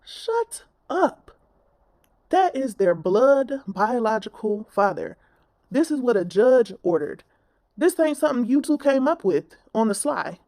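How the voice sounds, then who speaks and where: A woman's voice: a little high, expressive, a little slow, dark tone, no room sound. A woman commentator ranting bluntly in a reaction video, scolding and swearing.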